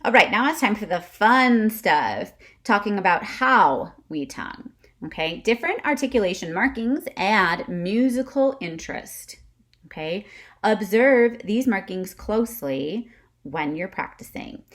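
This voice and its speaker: Woman music teacher talking to camera; lively, chatty, keeps checking in with students. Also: medium pitch, a little slow. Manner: chatty, checks in with frequent "okay?"; demonstrates breath kicks with short huffs. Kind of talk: instrumental lesson video.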